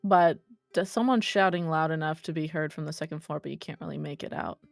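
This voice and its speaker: A woman's voice: deep voice, a little fast, vocal fry, no room sound, faint music behind. A woman narrating a tabletop role-play as game master in a casual way, speaking over a voice call. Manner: casual, swears, laughs.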